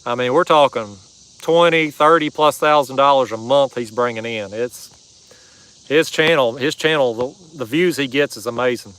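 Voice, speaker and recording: Outdoors on a river, a man hosts a fishing livestream from his kayak, chatting casually and reading viewer comments in a folksy drawl. His voice is mid-range and fairly bright, at a moderate pace, and the recording is rough.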